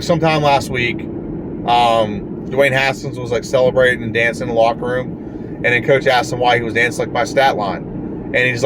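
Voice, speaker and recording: Frustrated man ranting over street noise. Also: medium pitch. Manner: frustrated, blunt, swears often. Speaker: sports fan vlogger. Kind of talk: ranting fan reaction.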